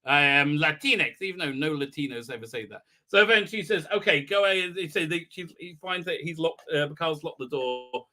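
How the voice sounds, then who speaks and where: Male host, sarcastic episode recap, bright and fairly high, fumbling fillers. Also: expressive, fairly quick, hardly any pauses. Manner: mocking, acts out quotes in funny voices, many fillers and restarts. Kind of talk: casual live-stream recap.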